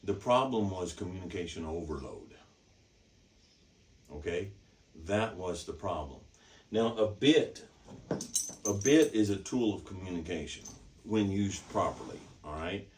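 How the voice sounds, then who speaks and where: A man's voice: sits low, animated, a little slow, long pauses, darkish tone, a little hiss or hum. A man teaching horsemanship in an emphatic, repetitive way, often checking in with "okay?" and "all right?". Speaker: horsemanship instructor. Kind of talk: teaching demonstration. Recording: distant mic.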